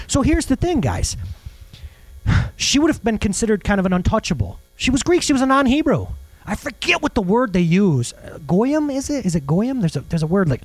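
A male pastor preaching a sermon in an animated way, firing rhetorical questions and jokey asides. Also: high voice, no room sound, rough recording.

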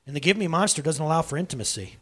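A middle-aged man preaching a sermon to his church in a candid, conversational way, with sudden loud bursts. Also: on the high side, lively intonation, racing. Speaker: pastor. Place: church hall.

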